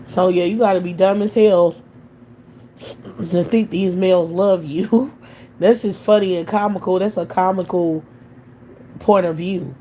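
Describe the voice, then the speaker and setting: A woman's voice: on the low side, fairly even intonation, unhurried, pauses often, warm tone, slight background noise. A woman hosting a livestream, ranting in blunt, profane commentary and firing off scornful rhetorical questions. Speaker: livestream host.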